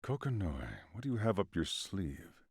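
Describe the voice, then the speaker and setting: A woman playing a huge deep-voiced cyborg soldier. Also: sing-song, normal speed, a little mellow, slightly rough, no room sound, clean studio sound, heavily acted. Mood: dry.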